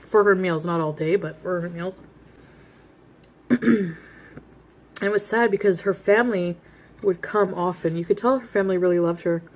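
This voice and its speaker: A woman vlogger in her thirties, bluntly telling a rambling story about herself, laughing at herself while she eats. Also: fairly low pitch. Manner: eating while talking. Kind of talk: casual storytelling.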